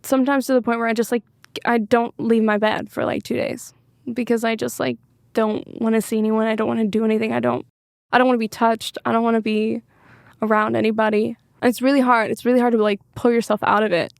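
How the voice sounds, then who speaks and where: Candid woman, higher voice, dry sound. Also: little pitch movement, fast, creaky, no room sound. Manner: open, rambling, frequent filler words. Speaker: singer-songwriter guest. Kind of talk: candid podcast interview.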